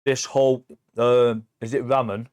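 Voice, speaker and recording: A man in his forties with an English accent, telling stories in a sweary, animated casual chat as a podcast guest. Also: mid-range voice, a little slow, clear, resonant tone, no room sound. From England. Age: 40s.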